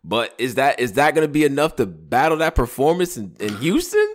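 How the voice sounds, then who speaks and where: A man hosting a casual battle rap discussion, talking in an emphatic, animated way and swearing freely. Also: mid-range voice, brisk. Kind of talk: casual chat.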